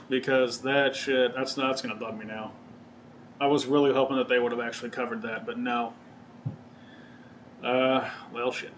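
A man's voice: medium pitch, fairly bright tone, slight background noise. A man hosting his own podcast, chatting casually in a rambling, profane way and often correcting himself. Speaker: podcast host. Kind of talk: casual solo podcast chat. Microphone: webcam or desk mic, seen on video.

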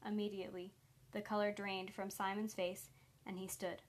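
This is scripted audiobook narration by a woman whose voice sits in the middle range. Her delivery is steady and measured.

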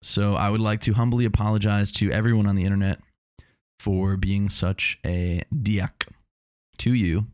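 A man's voice: fairly low pitch, flat delivery, normal speed, a little mellow, clear, resonant tone, dry recording, studio quality. A man hosting a casual solo talk, rambling and self-mocking with meandering asides.

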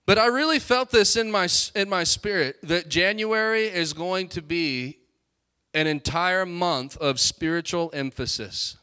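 High, bright-voiced pastor preaching. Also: male voice, clear, resonant tone. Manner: energetic, exhorting, quick asides to the congregation. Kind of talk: sermon. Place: church sanctuary.

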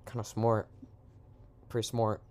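A man's voice: on the low side, monotone, a little slow, darkish tone. A man improvising a silly comic story in a rambling, slangy way, with lots of asides.

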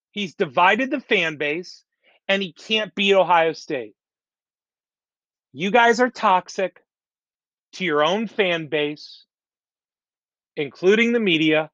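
Man, high voice, fed-up sports rant, dull dry mic sound. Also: fairly bright tone, no echo. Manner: exasperated, repetitive, blunt. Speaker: sports podcaster. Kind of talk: ranting sports commentary.

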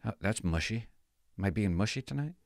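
An older retired policeman rambles through memories of his old postings, his voice lively and swooping as he tells them. He drifts from booming asides to near-whispers and back again. The sound is dry and close, with no room echo. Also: a little fast, vocal fry. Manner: rambling, candid, drifts between loud and hushed. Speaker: retired police officer telling stories. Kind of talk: casual storytelling to viewers.

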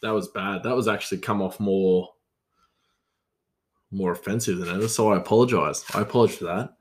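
Man, podcast host, casual rambling chat, low voice, easygoing, restarts. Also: fairly even intonation, fairly quick, darkish tone. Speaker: podcast host and hospitality worker.

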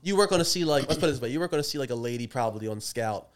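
A man's voice: medium pitch, animated. A man co-hosting a podcast in casual chat, teasing his friends and telling stories. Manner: fast, joking, teasing. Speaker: podcast co-host.

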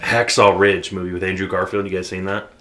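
A young man, a guest on a podcast, telling relaxed anecdotes and chuckling. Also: low voice, fairly quick. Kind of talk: casual podcast chat.

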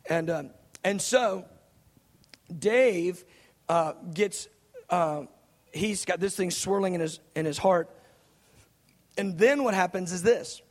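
A man's voice: sits high, slow pace, pauses often. A man in his thirties preaching a sermon, telling a story in an earnest way with many fillers and restarts. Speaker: pastor. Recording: long reverb of a large hall.

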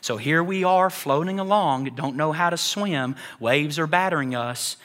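Bright-voiced, animated male preacher. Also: moderate pace. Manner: builds to loud, high-pitched preaching; animated, acts out God and churchgoers. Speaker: pastor. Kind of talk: sermon.

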